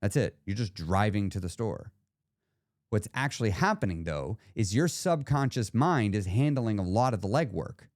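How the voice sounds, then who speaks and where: Lively, expressive man hosting a podcast. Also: fairly low pitch, normal speed, dry recording, clean studio sound. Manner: explanatory, conversational, talks to the listener directly. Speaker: podcast host and weight-loss coach. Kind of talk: solo podcast monologue.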